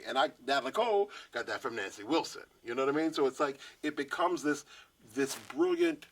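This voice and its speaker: A man in his fifties from Washington, D.C., telling stories in an interview with animated energy. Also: mid-range voice, a little fast. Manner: lively storyteller, acts out quoted voices. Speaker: guest artist.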